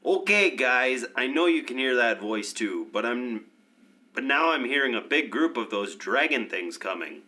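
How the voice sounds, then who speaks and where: A man's voice: lowish voice, sing-song, normal speed, few pauses, sharp tone, slightly rough, heavily acted. A man playing a nervous male adventurer in a tabletop game skit, talking in an urgent, plain way.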